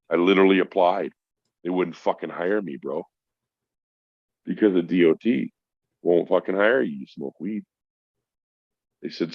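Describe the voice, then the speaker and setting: A man's voice: rumbling low, no room sound. A middle-aged man, a podcast guest, telling a personal story in casual chat, swearing often and calling the host bro. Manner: profane, emphatic, addresses host as bro. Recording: dry, dull lo-fi sound.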